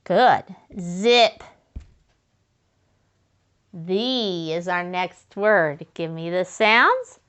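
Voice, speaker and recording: A woman teaching young children to write sentences, sounding out letters slowly and praising them. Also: lowish voice, expressive, fairly bright tone, clear, resonant tone, muffled recording. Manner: slow and encouraging, sounding out letters. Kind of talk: early-grade writing lesson to children.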